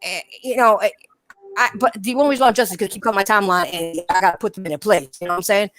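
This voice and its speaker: Racing along in a mid-range, fairly bright voice, this female podcast host rants bluntly and heatedly, swearing and speaking straight to her listeners again and again in a casual style.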